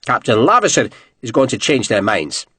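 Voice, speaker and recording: A man voicing a gruff, blunt army general who growls and swears. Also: mid-range voice, very animated, moderate pace, sharp tone, dry recording, full character voice. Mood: blustering.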